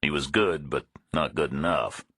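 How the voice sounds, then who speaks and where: A male audiobook narrator voicing a blunt, tough hero who talks in a flat, matter-of-fact way. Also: very deep voice, moderate pace, slightly rough, dry recording, clean studio sound, exaggerated voice. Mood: threatening. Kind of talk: audiobook character voice.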